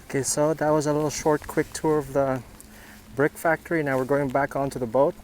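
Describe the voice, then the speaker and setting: A man's voice: a little high, level tone, a little fast, a little mellow, slight background noise, rough recording. A man filming a casual travel vlog outdoors along a river, talking loosely to the camera with lots of fillers and restarts. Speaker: travel vlogger.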